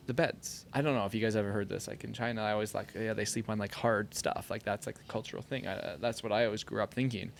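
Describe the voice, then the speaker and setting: A man's voice: lowish voice, quick pace, gravelly, few pauses, a little hiss or hum. A man in a podcast studio, a former pro soccer player telling stories in a casual chat, full of "like". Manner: animated storyteller, heavy use of "like".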